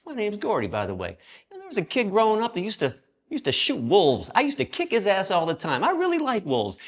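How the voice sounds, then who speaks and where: A man doing a loud, hulking prison giant. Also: huge pitch swings, fast talker, exaggerated voice. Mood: friendly. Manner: loud, shouted quotes in a much higher voice. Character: huge hulking male prison inmate, blunt and gruff.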